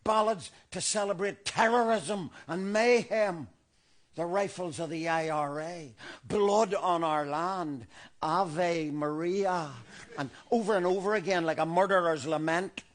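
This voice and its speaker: An unhinged older loyalist, speaking with a Northern Irish accent in a fairly high voice. He delivers a theatrical monologue, sliding from quiet, brooding musing into shouted ranting. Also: measured pace. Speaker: stage actor in monologue.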